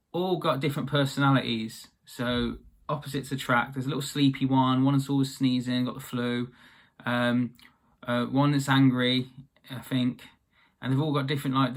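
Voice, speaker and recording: A young man casually retelling a fairy tale, chatty and rambling with offhand asides. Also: medium pitch.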